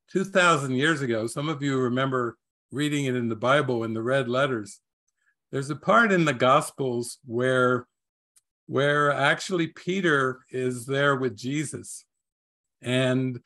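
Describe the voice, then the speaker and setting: A man giving a gentle spiritual teaching talk, unhurried and wondering, who chuckles often between phrases. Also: mid-range voice.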